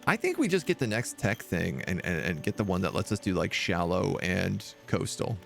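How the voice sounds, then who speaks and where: A man's voice: low-pitched, big pitch swings, moderate pace, vocal fry, fairly bright tone, soft background music. A man streaming a video game, commenting casually and joking as he thinks aloud.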